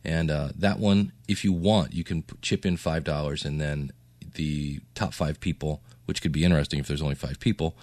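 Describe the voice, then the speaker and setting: A man hosting a casual solo podcast update with a low morning voice, rambling and chatty. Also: fairly even intonation, moderate pace, darkish tone, no echo. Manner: rambling, chatty, with fillers and self-asides. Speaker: podcast host.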